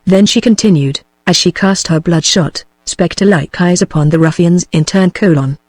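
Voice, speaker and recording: A text-to-speech woman with a British English accent narrating a novel in an even machine reading, saying punctuation marks aloud. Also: lowish voice, normal speed, few pauses, no echo. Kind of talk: synthetic audiobook narration.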